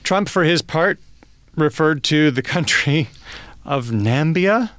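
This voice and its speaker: A man's voice: fairly high pitch, lively intonation, takes it slowly, fairly bright tone, dry recording. Chatty man on a dry studio mic. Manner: chatty, laughs often, storytelling. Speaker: podcast co-host. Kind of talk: casual podcast chat.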